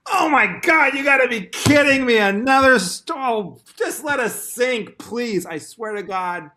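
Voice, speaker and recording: A man's voice: very high voice, lively intonation, unhurried, bright, forceful tone, a little hiss or hum, voice pushed up, heavily acted. A man putting on a frantic, whiny sea captain who panics and complains in a storm, as a comic bit. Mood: panicked. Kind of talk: comic bit in podcast chat.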